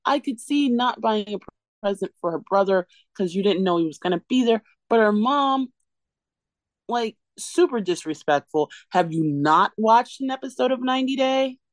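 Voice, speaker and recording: A woman's voice: mid-range voice, expressive, moderate pace, no room sound. A woman co-hosting a podcast, ranting sarcastically and emphatically in a casual recap chat. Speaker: podcast co-host.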